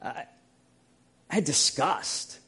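A man's voice: takes it slowly, sharp tone. A pastor giving a sermon, earnest and emphatic, often repeating his key phrases.

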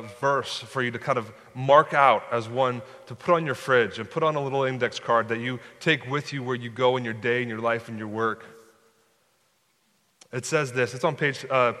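Pastor preaching in a reverberant hall. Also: male voice, mid-range voice, normal speed, bright, forceful tone. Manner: conversational, frequent restarts and repeated words. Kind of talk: sermon. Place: church sanctuary.

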